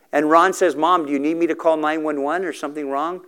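A man's voice: fairly high pitch, steady tone, fairly quick, few pauses, a bit bright, smooth. A middle-aged man telling a story in a sermon for a recovery ministry, earnest and emotional, acting out the dialogue.

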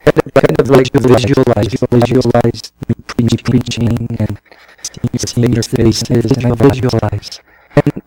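A man preaching a sermon, emphatic and often repeating words, swinging between loud peaks and soft, halting passages. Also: mid-range voice, dry recording, low-quality recording. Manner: emphatic, rising to near-shouts, then soft and halting; frequent word repetitions. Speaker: pastor.

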